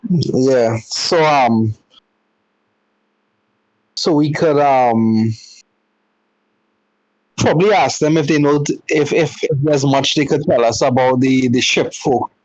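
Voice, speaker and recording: A man playing a tabletop game, speaking in a hesitant, halting way. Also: mid-range voice, darkish tone, dry recording. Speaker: player. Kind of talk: casual game chat. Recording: dull dry lo-fi mic.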